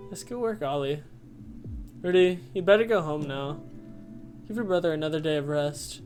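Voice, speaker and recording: A streamer voicing a calm doctor from a video game, reading the lines softly and quickly. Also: mid-range voice, faint music behind, close to an everyday voice. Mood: reassuring. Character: calm doctor reassuring patients.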